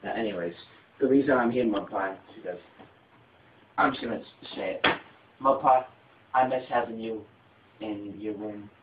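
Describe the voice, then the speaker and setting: A man's voice: fairly low pitch, moderate pace, pauses often, noisy background. A man hosting a homemade comedy skit, bossy and self-pitying, talking in blustering bursts. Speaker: comedy show host playing the boss. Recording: dull tinny phone-like audio in an echoey room.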